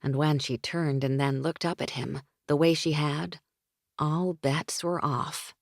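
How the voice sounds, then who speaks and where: A woman narrating a romance audiobook in a smooth, intimate storytelling manner. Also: deep voice, fairly even intonation, a little slow, no echo, clean studio sound.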